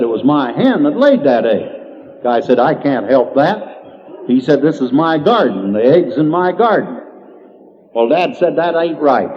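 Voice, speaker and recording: Older country guy telling jokes, drawly, kinda high voice, muffled old tape. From Indiana, USA. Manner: drawling, chuckles at his own punchlines. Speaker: country humorist. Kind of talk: folksy comedic storytelling. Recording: dull lo-fi 1990s tape with faint hiss.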